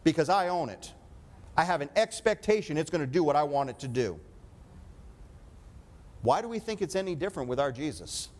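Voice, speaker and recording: A man delivering a sermon in a fairly high voice. He preaches emphatically, pressing his points and turning to the congregation for an amen. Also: very animated, a little fast, pauses often, darkish tone.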